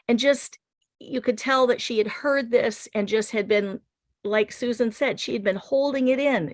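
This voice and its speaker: Middle-aged woman telling a story gently. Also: medium pitch, no room sound, clean studio sound. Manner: hesitant, many fillers, gentle. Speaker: teacher. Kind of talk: personal story in a group talk.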